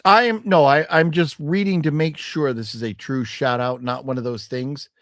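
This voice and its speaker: Reading out viewer comments between jokes and tangents, a slightly drunk man hosts a laid-back podcast stream. His voice is medium-pitched, fairly bright and steady, at a normal speed. The audio is clean studio quality with no echo.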